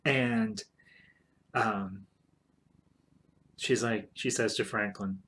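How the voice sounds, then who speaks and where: A man talks through a TV storyline in a loose, rambling way, circling back with fillers and restarts. His voice sits low and stays level, with a bright, forceful edge to the tone. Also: steady tone, extremely slow, husky. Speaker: show commentator. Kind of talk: casual retelling of a TV plot.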